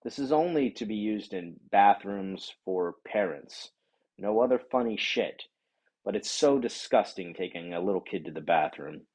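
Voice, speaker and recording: A man telling a profane, animated rant about a bad day out, acting out the other people in the story. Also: lowish voice, moderate pace, breathy edge, rough recording. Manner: animated, swears a lot, acts out voices of others. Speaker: vlogger.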